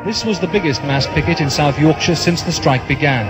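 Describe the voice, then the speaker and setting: A man's voice: a little high, fairly quick. Grave male narrator over music. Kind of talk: radio documentary narration.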